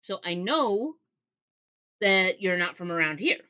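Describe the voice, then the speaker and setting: A woman's voice: medium pitch, expressive, a little slow, pushed and bright, clean tone, highs cut off. A woman voicing a suspicious young male soldier from the 1940s who keeps pressing with insistent questions.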